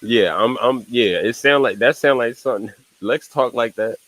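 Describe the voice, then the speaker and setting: A young man streams casual reaction commentary, rambling in slang, repeatedly saying "you know what I'm saying" and laughing at asides. His medium-pitched voice has a fairly bright tone and normal speed, with no room sound on a low-quality recording.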